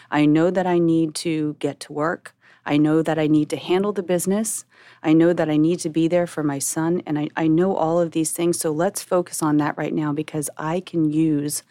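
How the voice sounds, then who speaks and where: A woman hosting a podcast, speaking in a measured, earnest way as she reflects on getting through a crisis. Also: deep voice, darkish tone, no room sound, studio quality. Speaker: podcast host. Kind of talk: reflective monologue.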